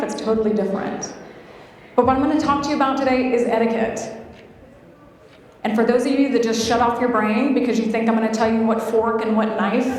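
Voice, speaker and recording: Woman giving a keynote, kinda high voice, chatty and playful, big echoey hall, sounds far from the mic. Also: slight background noise. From California. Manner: chatty, playful, talks to the crowd. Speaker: keynote speaker. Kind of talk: conference keynote speech. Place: hotel conference hall.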